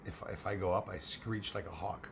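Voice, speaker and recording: Hoarse man speaking low and quietly. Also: fairly even intonation, normal speed, a little hiss or hum. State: hoarse, losing his voice. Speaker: live stream host. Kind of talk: casual live-stream chat greeting viewers.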